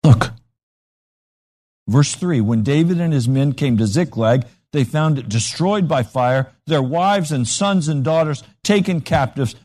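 Slow, animated male preacher. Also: a little high. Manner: animated storytelling with acted-out voices. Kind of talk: sermon.

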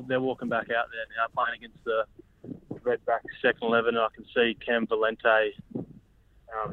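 A man's voice: mid-range voice, no room sound. A man, speaking as a guest on a comedy podcast and rambling in a laid-back way with lots of fillers. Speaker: guest cricketer. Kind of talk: comedic podcast interview over a phone line. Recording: tinny phone line.

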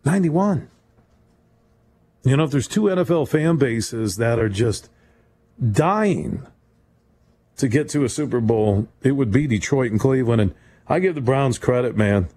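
A man hosting a sports talk radio call-in show in a studio, talking in an emphatic, rambling, conversational way and leaping up in pitch to stress a point. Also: warm tone, a little hiss or hum. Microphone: studio microphone.

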